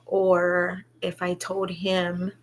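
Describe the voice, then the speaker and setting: A woman sharing a personal story on her video channel, speaking in a halting, hesitant way with pauses and restarts, earnest and reflective. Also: monotone. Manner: earnest, low-key and reflective. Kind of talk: personal testimony, unscripted.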